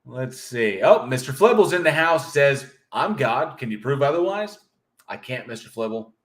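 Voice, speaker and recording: A man's voice: medium pitch, very animated, moderate pace. Joking, swearing streamer man. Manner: loose, joking, profane, reads chat aloud. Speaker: livestream host. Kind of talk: casual livestream chat reading viewer comments.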